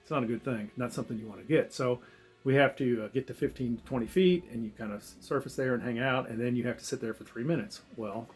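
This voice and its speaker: A man's voice: mid-range voice, fast talker, faint music behind. A man casually telling a story to camera, rambling and restarting, swearing and chuckling often. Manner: rambling, self-interrupting, swears and laughs often. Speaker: vlogger telling a diving story.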